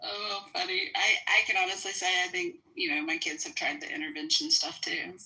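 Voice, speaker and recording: A woman's voice: on the low side, normal speed, sharp tone, poor audio. A middle-aged woman chatting casually, laughing often. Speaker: chat room participant. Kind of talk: casual chat.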